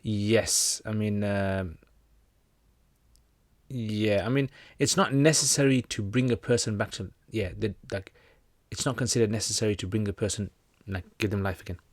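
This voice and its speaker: A man's voice: lowish voice, normal speed, no room sound. Chatty British man on a livestream. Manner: chatty, joking, loose with many fillers. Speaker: Islamic teacher answering viewer questions. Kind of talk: casual livestream Q&A.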